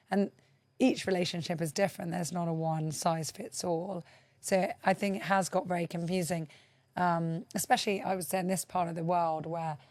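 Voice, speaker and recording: A woman hosting a conversational podcast interview, musing aloud and prompting her guest with soft murmurs. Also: on the low side, no room sound. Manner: thoughtful, musing, many soft "mm-hmm" prompts. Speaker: podcast host.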